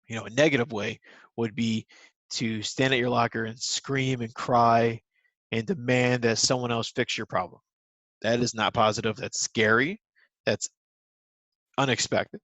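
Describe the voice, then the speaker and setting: A man's voice: medium pitch, steady tone, normal speed, a bit bright, no room sound, rough recording. A man teaching a recorded lesson to young children, patient and simple in his wording, with many ums.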